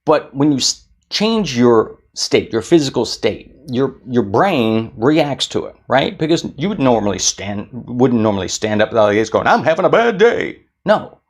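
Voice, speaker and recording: Unhurried and with few pauses, this man speaks in a mid-range voice as he delivers a lively motivational talk to camera. He's a keynote speaker and magician, and he dramatizes moods with small put-on voices.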